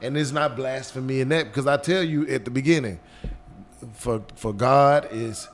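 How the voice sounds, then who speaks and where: A man with a deep voice, chatting casually as a guest and repeating words as he rambles. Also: normal speed, slight background noise. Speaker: guest actor and comedian. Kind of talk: casual chat.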